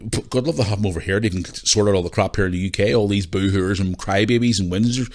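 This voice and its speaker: A man's voice: lowish voice, fast, a little mellow. A man hosting a podcast, ranting his opinions in a blunt, sweary, casual way. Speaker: podcast host.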